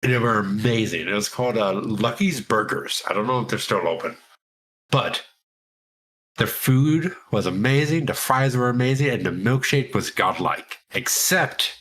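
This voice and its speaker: A man's voice: mid-range voice, lively intonation, a little slow, a bit bright, slightly rough. A man co-hosting a podcast, chatting casually and animatedly, swearing freely. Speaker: podcast co-host. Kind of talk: casual chat.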